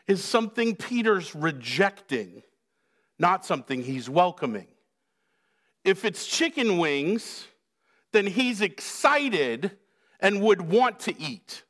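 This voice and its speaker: A man's voice: high voice, a bit bright. A male pastor preaching a sermon in a conversational, joking way, acting out the quoted lines.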